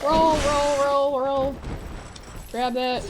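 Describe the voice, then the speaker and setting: A woman's voice: high voice, very slow, heavy background noise. Chatty Midwestern woman streaming a game. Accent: Midwestern American. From American Midwest. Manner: chatty, reads chat aloud, excitable reactions. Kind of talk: casual live-stream chat while gaming.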